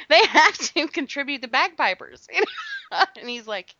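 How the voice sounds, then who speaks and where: A woman's voice: high-pitched, expressive, unhurried, long pauses, bright, forceful tone, no echo. A woman co-hosting a podcast in casual chat, bubbly and laughing often, on dull lo-fi audio. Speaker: podcast co-host.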